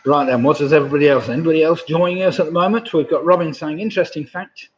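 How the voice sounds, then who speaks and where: A man's voice: on the high side, fast, slight background noise. A man in his sixties from England hosting a live-streamed pub quiz, chatty and reading out viewers' messages with a laugh. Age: 60s. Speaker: quiz host. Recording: dull lo-fi home stream audio.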